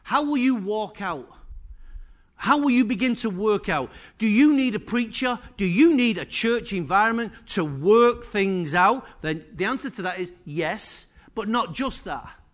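A man's voice: high voice, animated, a little slow, fairly bright tone. A man preaching a sermon to a church congregation, emphatic and full of rhetorical questions. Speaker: pastor. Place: church service.

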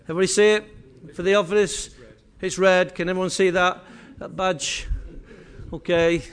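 A man's voice: high-pitched, fairly even intonation, normal speed. A man from Manchester with a Mancunian accent, giving a jokey, chatty presentation and teasing the people in the room. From Manchester, England. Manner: chatty, teasing, addresses audience directly. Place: meeting room with small audience.

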